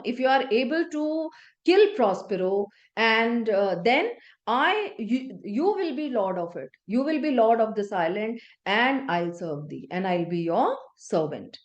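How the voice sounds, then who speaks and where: A woman's voice: a little high, lo-fi sound. Woman teacher glossing a play. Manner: reads a line, then paraphrases it simply. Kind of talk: explaining a play line by line.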